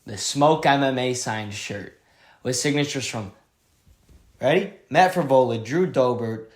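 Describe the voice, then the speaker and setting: A male vlogger giving an excitable, slangy recap of a fight week, full of "like"s. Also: medium pitch, a little slow. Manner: excitable, slangy storytelling with many "like"s. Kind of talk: casual event recap vlog.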